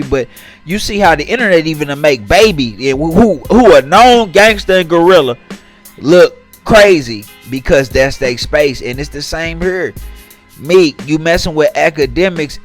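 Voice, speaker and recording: Man ranting over faint music. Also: a little high. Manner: talks straight to viewers, reads tweets aloud and mocks them. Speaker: commentary channel host. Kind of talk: casual commentary vlog.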